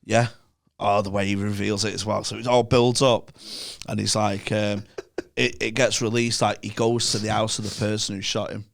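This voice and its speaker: A man's voice: on the low side, little pitch movement, moderate pace, vocal fry. Man, podcast guest, eager storyteller, laughs and swears easily. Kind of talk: casual chat.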